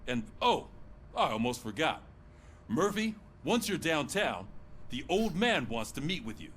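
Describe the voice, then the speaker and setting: Brief: a game police boss, curt and commanding, slightly high, animated. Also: male voice, unhurried, slight background noise. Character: stern male police commander giving orders.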